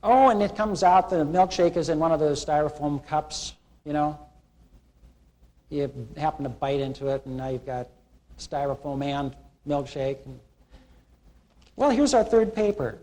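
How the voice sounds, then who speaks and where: A middle-aged male instructor lecturing a class in an animated, storytelling way. His voice sits a little high for a man, and he slips into quick bits of the people in his anecdotes. It sounds like an old classroom video. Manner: animated storytelling, acting out quoted characters. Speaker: college instructor. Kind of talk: classroom lecture with humorous analogies. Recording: 1980s classroom video recording.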